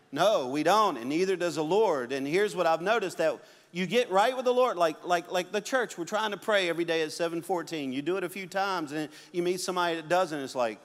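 Animated preacher man in a reverberant hall. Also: fairly high pitch. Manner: animated, acts out quotes and stories. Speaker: pastor. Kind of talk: sermon. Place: church sanctuary.

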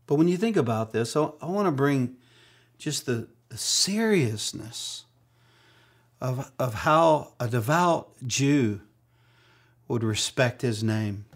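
A man's voice: mid-range voice, lively intonation, slow pace. A middle-aged man preaching a sermon as pastor, mixing humorous personal stories with acted-out quotes.

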